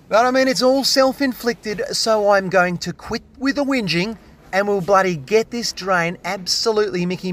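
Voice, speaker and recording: A man with an Australian accent vlogging on a drain job, excitable and jokey, full of slang, and hungover. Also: sits high, slight background noise. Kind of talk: casual on-the-job vlog. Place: restaurant on a job site, walking around.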